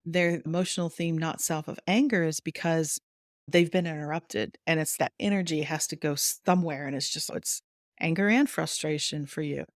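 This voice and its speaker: A woman guest on a wellness podcast, explaining warmly and chattily, laughing often and acting out little quotes. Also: sits low, steady tone, normal speed, dry recording, clean studio sound. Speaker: human design guide, guest.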